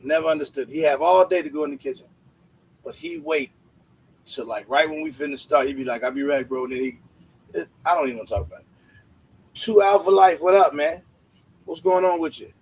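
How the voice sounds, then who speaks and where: A man's voice: fairly high pitch, fast talker, husky, rough recording. A man hosting a casual livestream, greeting viewers by name in laid-back slang. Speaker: livestream host.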